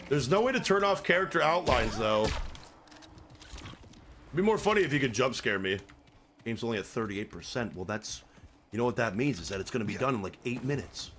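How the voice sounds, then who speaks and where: A man's voice: medium pitch, lively intonation, brisk, pauses often, a bit bright. Lol crude guy streaming a game at home, swears a lot, rambly jokes, noisy background. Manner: crude, joking, rambling banter. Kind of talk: live gameplay commentary.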